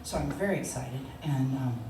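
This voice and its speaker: An older woman telling a personal story, animated and laughing, acting out the voices of others. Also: a bass voice, normal speed. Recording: echoey room, distant mic, noisy.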